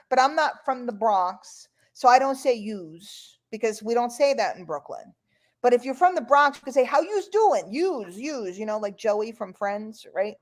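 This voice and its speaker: A woman from New York hosting an online call in casual, rambling chat. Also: sits high. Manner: chatty, rambling, playful.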